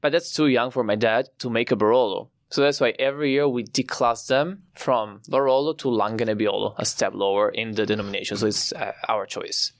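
A young Italian man with an Italian accent, explaining his family's winemaking with pride and frequent pauses. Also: mid-range voice, fairly even intonation, no room sound, studio quality. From Italy. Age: young adult. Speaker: winemaker guest. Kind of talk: podcast interview.

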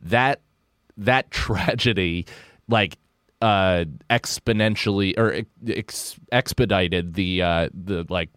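American man, comedian guest, lowish voice, dry close mic, earnest and reflective. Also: takes it slowly, fairly bright tone, smooth, dry recording. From United States. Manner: reflective, earnest, casual swearing. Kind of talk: candid podcast interview.

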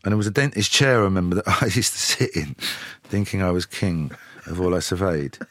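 Guy in his 50s, lowish voice, chuckly storyteller, dry mic. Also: fairly quick, dry recording. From England. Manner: lively, chuckling storyteller with frequent "you know". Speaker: musician, guest. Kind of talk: casual chat, anecdotal storytelling.

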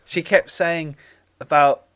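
A man's voice: a little high, fairly even intonation, takes it slowly, fairly bright tone, clear, resonant tone, dry recording. A man in his twenties, a bit tipsy on mulled wine, rambling through a story in casual chat and laughing often. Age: 20s.

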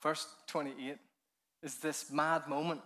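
A man preaching a keynote sermon, telling the story with animated energy, laughing often, sometimes dropping to a hush and then building up with fervor. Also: a little high, slow pace. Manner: laughs often while speaking. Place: conference hall.

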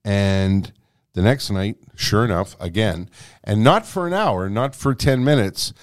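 Lively-voiced man telling a story. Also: on the low side, measured pace. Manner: animated, profane storytelling. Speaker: guest storyteller. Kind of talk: anecdote in a conversation.

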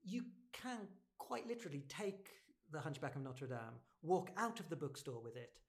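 A speaker with a mid-range voice talks in a calm, reflective way. The delivery is measured and conversational, building thoughts step by step. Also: medium pitch. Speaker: bookshop podcast co-host. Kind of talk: casual conversational discussion.

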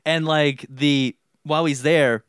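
A young man in casual chat, rambling through a movie pitch and acting out the lines of its characters. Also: steady tone, slow pace, fairly bright tone, clear, resonant tone, no echo, clean studio sound. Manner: rambling storyteller, acts out quotes. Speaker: podcast co-host pitching a movie idea.

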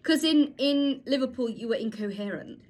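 A woman's voice: sits high, moderate pace, darkish tone. A woman in her twenties co-hosting a podcast in casual chat, teasing and affectionate with her friend. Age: 20s. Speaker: podcast co-host.

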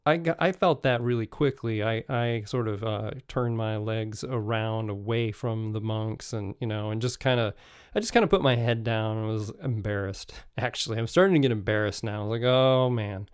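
A man casually telling travel stories as a podcast host, halting and restarting often, with frequent chuckles. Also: on the low side, clear, resonant tone, dry recording, studio quality.

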